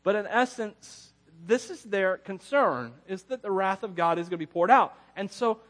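A man's voice: high voice, animated, normal speed, a bit bright. A man preaching a casual, conversational sermon as a pastor, rambling through personal stories and chuckling often.

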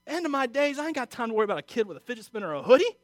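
A middle-aged man preaching a sermon, emotional, moving from quiet confiding talk to loud exhortation. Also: extremely high pitch, big pitch swings, racing, dry recording. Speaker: pastor.

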